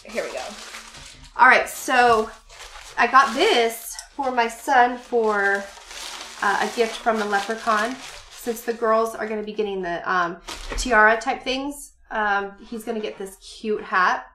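Her voice sits a little high, pushed and bright, in a roomy-sounding space as she talks unhurriedly. A vlogger in her forties, she chats casually to camera at home while rambling through her shopping haul with many fillers and laughs.

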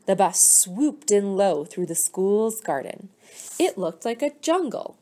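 A woman teacher reading a picture book aloud to children, gently stopping to ask them questions. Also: mid-range voice, big pitch swings. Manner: slow, gentle, pauses to quiz children.

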